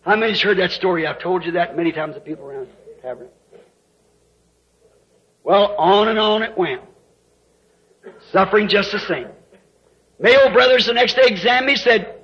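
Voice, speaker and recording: A man's voice: sits high, normal speed, long pauses. An older man preaching a sermon, telling his story in a folksy way that rises into emotional outbursts. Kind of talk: sermon testimony. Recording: dull lo-fi sound.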